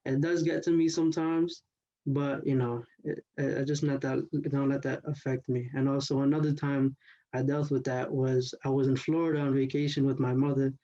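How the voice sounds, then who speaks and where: A teenage boy speaks in a level, mellow voice that rarely rises or falls. He retells a classmate's story in the first person, loosely and with many fillers, over dull, muffled lo-fi audio. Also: medium pitch, level tone, moderate pace. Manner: loose, full of "like" and "you know". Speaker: student storyteller.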